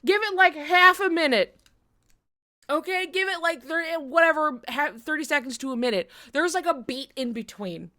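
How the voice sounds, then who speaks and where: High-voiced woman telling a story. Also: normal speed. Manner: animated storytelling, swears a lot, bursts into laughter. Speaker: streamer. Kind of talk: casual chat.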